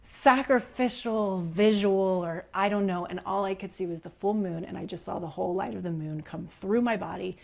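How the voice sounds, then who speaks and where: Woman telling a story, giggly and animated. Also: mid-range voice, moderate pace, creaky, few pauses. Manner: animated storytelling, giggly, acts out quotes, drops to whispers. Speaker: leadership coach, guest. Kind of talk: personal storytelling in a podcast interview.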